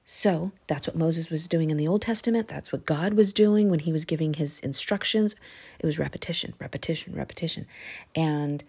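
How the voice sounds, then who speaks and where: A woman teaching a casual Bible lesson, retelling the stories in a lively way with many fillers. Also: deep voice, moderate pace, slightly rough.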